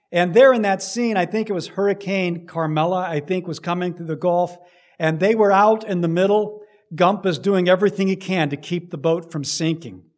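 A man preaching a sermon, emphatic, rising loud and dropping low to stress his points. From United States. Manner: emphatic preaching with big swings in loudness. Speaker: pastor.

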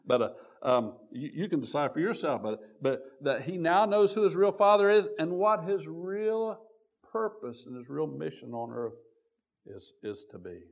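A man preaching a sermon, reading old-style scripture aloud and stopping often to restart, his voice swelling on key words and then dropping low and quiet. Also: lively intonation, normal speed, creaky. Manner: reads scripture aloud in King James wording with frequent restarts.

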